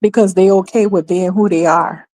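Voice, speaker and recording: A woman's voice: lowish voice, fairly even intonation, normal speed, dark tone. A woman from New York hosting a livestream, delivering emphatic, sarcastic, opinionated commentary full of rhetorical questions. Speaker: livestream host.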